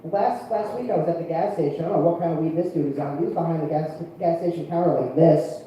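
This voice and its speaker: A man doing a rambling stand-up set at an open mic, telling stories in a deadpan way. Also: a little high, racing, slight background noise. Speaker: stand-up comedian. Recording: echoey room, mic heard from a distance.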